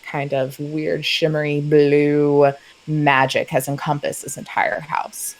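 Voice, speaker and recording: A woman's voice: deep voice, level tone, slow, low-quality recording. A young woman narrating as game master in a casual, chatty way.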